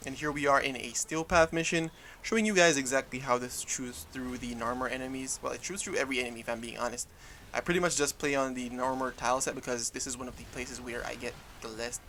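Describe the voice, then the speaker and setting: Over footage of a game, a young male YouTuber talks at a quick clip, his medium-pitched voice pushed and bright. There's slight background noise, and his casual, rambling commentary is full of self-corrections.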